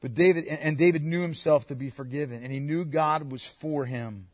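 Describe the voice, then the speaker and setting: A man preaching a sermon, emphatic, swinging between loud urging and hushed, quiet asides. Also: a little high, fairly quick, clean studio sound. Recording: long hall reverb.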